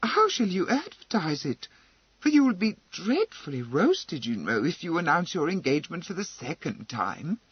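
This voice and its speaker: A man voicing a gentle, flustered young widow who speaks in a fluttery, anxious and tender way. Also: fairly high pitch, sing-song, moderate pace, breathy edge, dry recording, lo-fi sound, exaggerated voice.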